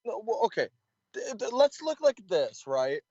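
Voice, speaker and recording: A man debating as a caller, speaking hesitantly with halting restarts. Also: high-pitched, sing-song, warm tone, breathy edge, no echo. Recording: dry muffled lo-fi call audio.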